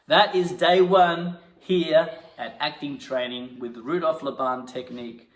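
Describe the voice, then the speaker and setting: Acting teacher with echo. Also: male voice, medium pitch. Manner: bursts into loud indignant outbursts during scenes. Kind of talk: acting lesson with improvised scenes. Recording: echoey room.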